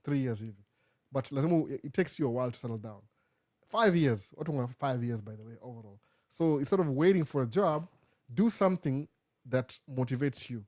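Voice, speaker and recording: A man's voice: mid-range voice, darkish tone, no room sound, clean studio sound. Man hosting a live Q&A. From Kenya. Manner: casual, mixes English with Swahili phrases. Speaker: host. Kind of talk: live Q&A answering viewer questions.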